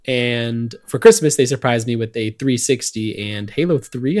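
A young man co-hosting a podcast, telling a story in a calm, rambling way with lots of fillers. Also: mid-range voice, normal speed. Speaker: podcast co-host. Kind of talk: casual podcast chat.

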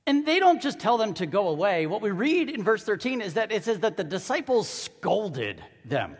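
A man preaching a sermon as pastor, swinging between hushed asides and loud, fervent stretches. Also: high voice, very animated, moderate pace, slightly rough. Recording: long reverb of a large hall.

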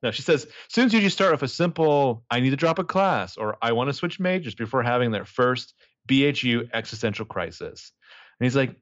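Animated man recapping a show in a dry, dull recording. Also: mid-range voice, fairly quick, no echo. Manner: animated, acts out characters' lines with profanity. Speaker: podcast co-host recapping a TV episode. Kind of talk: casual chat.

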